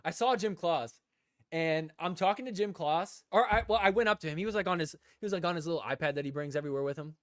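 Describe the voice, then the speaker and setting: A man hosting a casual podcast live stream, telling a rambling story and acting out both sides of the conversation, breaking into loud laughter. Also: fairly high pitch, fast talker, no room sound, clean studio sound. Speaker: podcast host.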